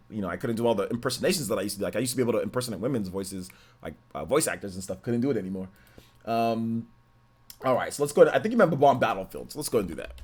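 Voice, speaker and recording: A man with a deep voice, hosting a gaming livestream in a laid-back, slangy, rambling way. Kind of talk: casual livestream chat.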